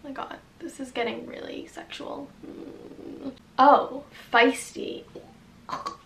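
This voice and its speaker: A woman's voice: sits high, fairly even intonation, slow pace, vocal fry, a bit bright, far from the mic, a little hiss or hum. A young woman giving sarcastic, chatty commentary while playing a story game and reading its lines aloud. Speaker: gaming vlogger. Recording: echoey room, voice off-mic, music behind.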